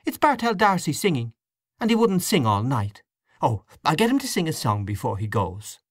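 A man's voice: medium pitch, big pitch swings, brisk, dry recording, clean studio sound. Man voicing a gushing young hostess. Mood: eager.

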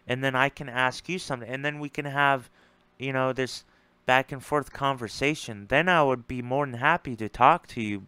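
A man's voice: mid-range voice, sharp tone, clean tone, no room sound. A man ranting bluntly and with profanity in a casual monologue, frustrated and repeating himself as he responds to an argument. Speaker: streamer responding to a debate.

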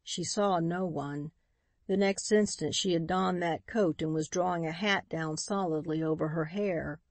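A woman narrating an audiobook in a steady, even storytelling read. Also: on the low side, unhurried, no room sound. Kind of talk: scripted narration.

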